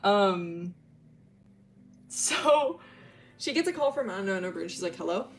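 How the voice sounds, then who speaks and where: A woman's voice: mid-range voice, expressive, a little slow. A woman streamer casually retelling a story, rambling and swearing, with lots of fillers and slang.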